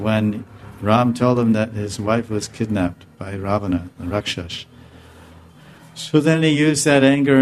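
A man speaking as a spiritual teacher, answering a question in a relaxed, conversational discourse and often stopping to correct himself. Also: fairly low pitch. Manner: conversational, self-correcting, chuckling now and then.

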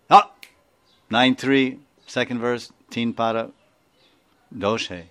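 A man's voice: medium pitch, drawn-out words, pauses often, fairly bright tone. A man with an Indian accent, a spiritual teacher giving an informal class, rambling, chuckling and often asking his listeners to confirm.

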